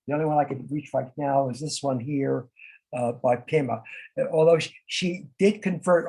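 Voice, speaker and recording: A man's voice: fairly high pitch, darkish tone, husky, poor audio. A man leading a discussion for a study group, speaking informally with many fillers and restarts, as if over a video call. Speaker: discussion leader.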